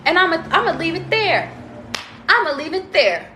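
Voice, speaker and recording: A woman's voice: very high voice, very animated, normal speed, sharp tone, slight background noise. A young woman giving a blunt, profane, fired-up rant as a tarot vlogger, preaching straight to her viewers. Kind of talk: ranting vlog monologue. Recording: echoey room.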